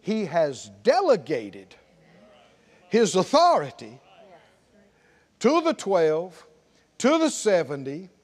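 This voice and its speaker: A man's voice: high voice, wildly swooping pitch, takes it slowly, pauses often. A middle-aged man preaching a sermon as pastor in a church, emphatic and calling out to the congregation. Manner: emphatic, call-and-response preaching.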